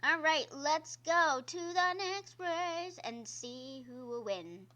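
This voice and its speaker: A woman's voice: sits high, lively intonation, slow pace, sharp tone, dull audio, slight background noise. A woman streamer giving casual gameplay commentary, chatty and exclaiming at the game while talking to her viewers. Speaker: gaming streamer. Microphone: own microphone.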